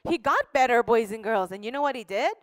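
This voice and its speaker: A woman telling a Bible story to children in a slow, expressive storytelling manner. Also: a little high, dry recording. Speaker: children's ministry teacher.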